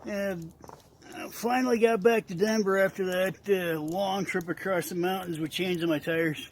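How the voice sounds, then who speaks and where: A man hosting his own vlog in a casual, halting way, with a congested, nasal voice and many fillers. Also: sits high, fairly even intonation. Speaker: vlog host.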